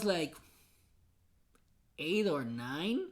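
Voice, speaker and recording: A woman hosting a podcast who tells a painful personal story, halting and repeating herself, with many fillers. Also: on the high side, expressive. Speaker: podcast host.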